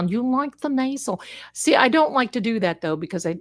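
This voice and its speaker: A woman's voice: mid-range voice, expressive, moderate pace, a bit bright. A woman hosting a psychic livestream, chatting casually and rambling, calling her viewers "my darlings.". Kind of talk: casual live-stream chat.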